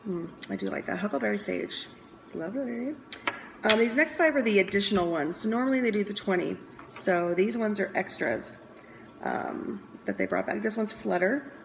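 Woman reviewing products for her channel, mid pitch with some vocal fry, upbeat and musing. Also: normal speed, noisy background. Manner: chatty, enthusiastic, stops to sniff and muse aloud. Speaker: scent consultant reviewing products. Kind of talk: casual product review vlog.

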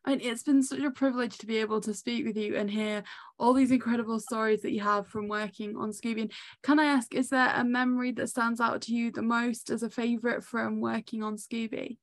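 A woman host with a fairly high voice thanks her guest and politely asks him a question. She sounds a little distant from the microphone. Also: fairly even intonation, fairly quick. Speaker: interview host. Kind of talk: interview questions.

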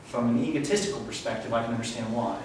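A man's voice: medium pitch, fast. A man giving a live spiritual talk to an audience in an event room, speaking in an earnest, reflective teaching tone. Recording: echoey room, distant mic, faint hiss.

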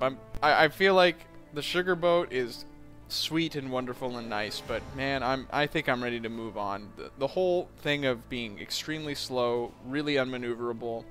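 A man's voice: mid-range voice, fairly bright tone. A young man casually commenting on a submarine game, joking and rambling with self-mocking asides. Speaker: let's play host.

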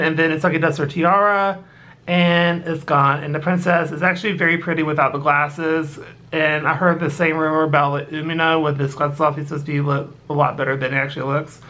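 Casual anime episode review, bright voice, halting with fillers, homemade setup. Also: medium pitch. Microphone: battery-powered recording device.

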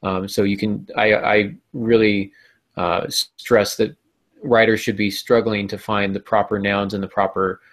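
A man with a somewhat low voice responds in a relaxed, reflective way on a writing podcast. He sounds agreeable and thoughtful, like a teacher talking to fellow writers. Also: unhurried. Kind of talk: casual podcast discussion.

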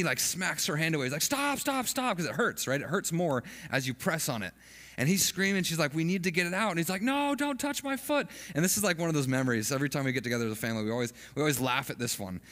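A man's voice: medium pitch, a bit bright, long reverb tail. A man giving an earnest, conversational sermon as a pastor, often restarting his phrases.

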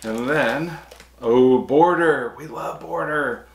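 A man's voice: on the high side, takes it slowly, creaky, roomy sound. A man co-hosting a casual snack-tasting vlog, reading out labels and giving short, easygoing replies. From United States. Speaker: vlog co-host.

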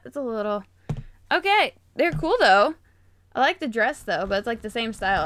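A bubbly young woman with a high, bright voice chats through a toy unboxing, gushing and gasping with excitement. Her voice is recorded dry and close, with no room sound around it. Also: no echo. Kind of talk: casual unboxing chat.

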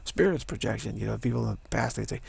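Gravelly-voiced man rambling about spirit. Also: on the low side, fast talker, no echo. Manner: rambling, laughing, acts out imagined voices. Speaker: spiritual teacher. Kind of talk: informal spiritual talk.

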